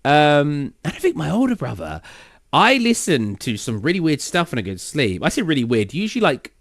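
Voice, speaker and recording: A British man chatting live to his stream, rambling from topic to topic with energetic, sudden loud outbursts. His pitch leaps up and down animatedly, and the sound is dry and close with no room echo. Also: fairly quick. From Britain. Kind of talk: casual chat to a live stream.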